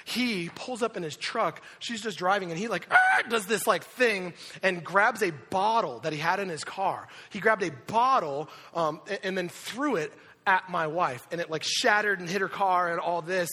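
A man's voice: high-pitched, normal speed. Man preaching in an echoing hall. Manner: storytelling, animated asides and impressions. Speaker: pastor. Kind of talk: sermon with personal story. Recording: reverberant hall.

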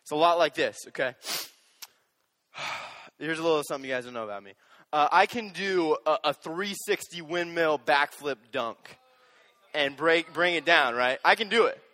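Young guy youth pastor preaching, bit high voice, playful, echoey hall. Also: moderate pace. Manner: animated, joking, talks straight to the audience. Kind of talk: sermon.

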